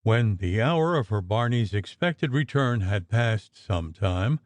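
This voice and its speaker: A man narrating a gothic audiobook in a measured, expressive storytelling manner. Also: lowish voice, no room sound.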